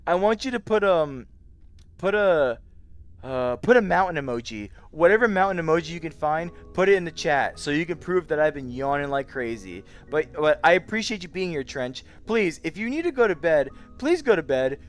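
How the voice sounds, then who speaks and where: A man's voice: on the high side, big pitch swings, normal speed, faint music behind. A tired young man chatting casually on a late-night livestream, yawning and rambling as he greets his chat by name. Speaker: VR streamer.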